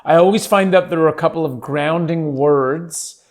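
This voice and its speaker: A man's voice: a little high, moderate pace. Goofy, rambling podcast host, a man. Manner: goofy, rambling, self-amused. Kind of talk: casual solo podcast monologue.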